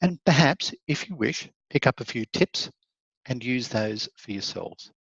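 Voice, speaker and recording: A man teaches law in an online session. He reads out comments from his students and answers them warmly, often laughing as he goes. His voice sits at an ordinary pitch, and the recording is dry and a little muffled. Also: animated, measured pace, gravelly, husky, dry recording. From Australia. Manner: encouraging, conversational, laughs often. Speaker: law lecturer. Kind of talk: online lecture, reading student chat comments aloud.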